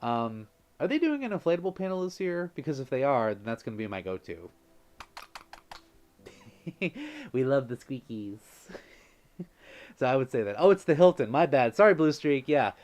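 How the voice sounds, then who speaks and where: A man's voice: mid-range voice, very animated, normal speed, long pauses. Effusive man hosting a livestream. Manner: effusive, thanks viewers warmly, laughs often. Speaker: livestream host. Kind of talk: casual livestream chat.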